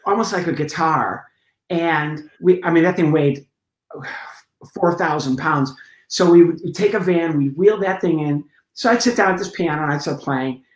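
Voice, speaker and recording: A middle-aged comedian, a man, telling stories as an interview guest. He is lively and acts out scenes and sound effects as he goes. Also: fairly high pitch, moderate pace. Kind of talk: storytelling in a conversation. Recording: roomy echo.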